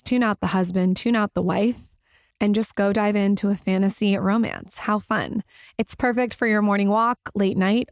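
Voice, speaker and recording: A woman's voice: medium pitch, vocal fry, no echo, studio quality. Chatty woman reading a sponsor ad. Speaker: podcast co-host. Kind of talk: casual ad read and chat.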